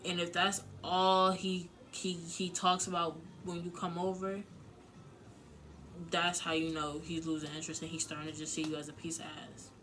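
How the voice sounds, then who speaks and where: A woman with a bright, tense voice talks frankly and emotionally about relationships in a casual vlog. Her pitch stays fairly flat, and a faint hiss of noise sits underneath. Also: normal speed. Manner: frank and candid, loose with filler words and swearing; emotional, close to tears at times. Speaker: relationship advice vlogger.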